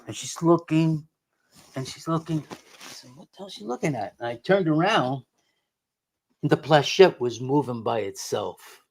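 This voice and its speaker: A man's voice: on the high side, lively intonation, normal speed, vocal fry, darkish tone. A middle-aged man, a guest on a radio show, telling a personal story in a rambling way full of restarts and quoted dialogue. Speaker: guest investigator of the unexplained.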